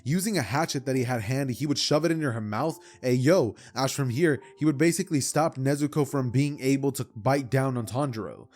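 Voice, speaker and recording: A man's voice: medium pitch, a little fast, hardly any pauses, soft background music. Young man rambling through a fan story. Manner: rambling, animated retelling with asides. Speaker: YouTuber. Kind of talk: casual fan-fiction storytelling.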